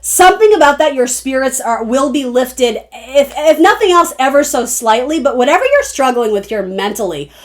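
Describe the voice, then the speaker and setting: A woman's voice: high voice, expressive, moderate pace, few pauses. A young adult woman giving a casual, rambling tarot reading, often breaking off and restarting her sentences. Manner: rambling, chatty, self-interrupting. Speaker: tarot reader.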